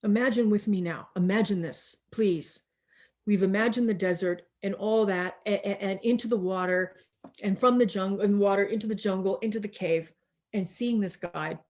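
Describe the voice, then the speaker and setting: A woman minister preaching slowly and reflectively over a video call, pausing and restarting often, tired as she speaks. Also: medium pitch, darkish tone. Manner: slow, reflective, with many restarts and pauses.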